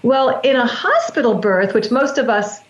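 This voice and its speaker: A woman's voice: on the high side, very animated, normal speed. A woman, a breath work practitioner, earnestly explaining her practice in an interview, often restarting her sentences. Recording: echoey, dull lo-fi sound.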